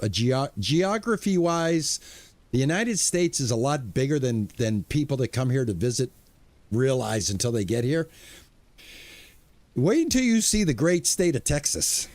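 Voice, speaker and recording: A man's voice: fairly high pitch, a little mellow, no room sound. A middle-aged man streaming a game, chatting casually and greeting viewers by name, often restarting his words. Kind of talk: casual live-stream chat.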